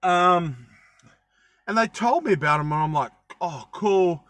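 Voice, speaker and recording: Bright-voiced guy rambling casually. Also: fairly high pitch, expressive, normal speed, no echo. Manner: rambling, many ums and self-corrections. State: coughing. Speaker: travel vlogger. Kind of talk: casual chat to camera.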